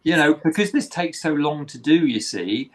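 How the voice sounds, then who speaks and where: A man's voice: fairly high pitch, lively intonation, normal speed, rough recording. A man from England with a London accent, co-hosting a casual interview over a video call and rambling chattily through his stories. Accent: London English. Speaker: co-host.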